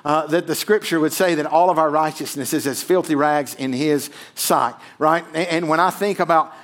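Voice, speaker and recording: Man preaching, loud swells and hushed drops. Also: fairly high pitch, normal speed. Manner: emphatic preaching, swelling loud then dropping to near a hush, frequent "right?". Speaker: pastor. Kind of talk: sermon.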